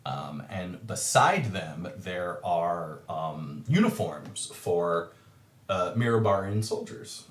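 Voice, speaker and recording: A man narrating a tabletop game as game master, halting often with ums and uhs. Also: low-pitched, expressive, roomy sound.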